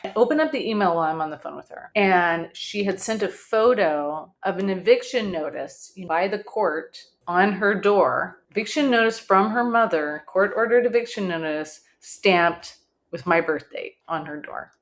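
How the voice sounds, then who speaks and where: Candid woman telling a dark family story. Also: fairly low pitch, lively intonation, moderate pace. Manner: candid, blunt, swears casually; dark humor with short laughs. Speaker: podcast host. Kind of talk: personal storytelling.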